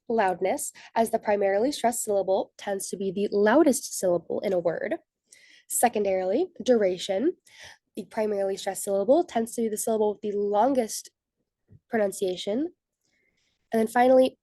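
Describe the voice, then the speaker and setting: A young woman walks through a class presentation point by point, reading from prepared notes. Her voice is mellow and warm rather than bright. The recording is dry, with no room sound. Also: medium pitch, dry recording. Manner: methodical, reads from prepared notes. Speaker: student presenter. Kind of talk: scripted slide presentation.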